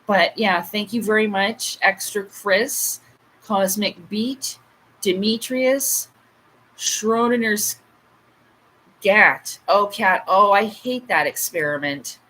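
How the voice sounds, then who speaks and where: A woman in her late thirties hosts a casual livestream chat, rambling through stories with frequent asides. She speaks slowly at medium pitch with a bright, forceful tone, and the recording is low quality.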